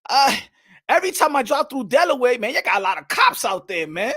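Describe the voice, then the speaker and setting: Man, boxing host, casual livestream chat, lively, bright tone. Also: very high voice, fairly quick, husky. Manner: loud, profane, laughing, playful.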